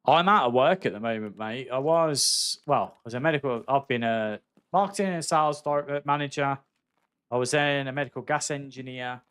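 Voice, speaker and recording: Male streamer, casual and candid, mid-pitched, plenty of mates and swearing. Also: a little fast, fairly bright tone, clean tone. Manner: candid and chatty, swears freely, calls viewers mate. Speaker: gaming livestreamer. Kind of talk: casual live-stream chat while playing.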